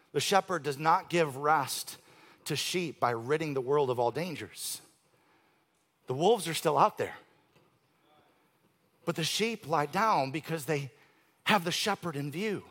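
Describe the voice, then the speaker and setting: A man in his forties, a pastor preaching a sermon emphatically, swinging from loud declarations to hushed tones, with conversational asides and dry humor. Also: fairly high pitch.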